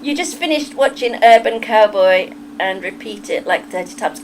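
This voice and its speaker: A woman's voice: on the high side, animated, normal speed, vocal fry, few pauses, noisy background. An English woman streaming live, chatting casually with her viewers, giggly and self-deprecating, often laughing. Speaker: livestreamer reading chat. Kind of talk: casual livestream chat.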